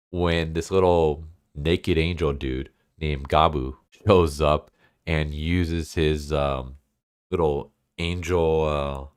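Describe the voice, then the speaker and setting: A man with an extremely deep voice walks through an anime's plot in a loose, rambling way, dropping fillers as he goes. The sound is dry and close to the mic, with no room around it. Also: no echo. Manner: loose, filler-heavy storytelling. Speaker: anime video host. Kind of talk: casual plot recap.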